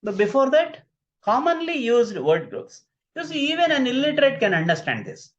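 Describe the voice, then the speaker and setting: A man teaching an online fluency lesson in an emphatic, expressive way. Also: extremely high pitch, moderate pace. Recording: slightly muffled lo-fi audio.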